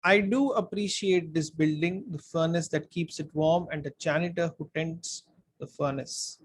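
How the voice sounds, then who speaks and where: A man voicing an earnest young schoolgirl's thoughts in a quiet, musing way while reading a book aloud. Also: on the high side, moderate pace, a little hiss or hum, close to an everyday voice. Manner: soft, quiet inner musing. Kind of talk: read-aloud character voice.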